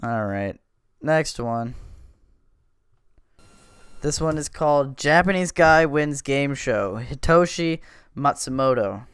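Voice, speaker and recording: A man's voice: mid-range voice, lively intonation, takes it slowly, pauses often, very noisy. A man hosting a casual podcast, rambling and swearing as he describes videos he watches. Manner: profane, laid-back, rambling. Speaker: podcast host.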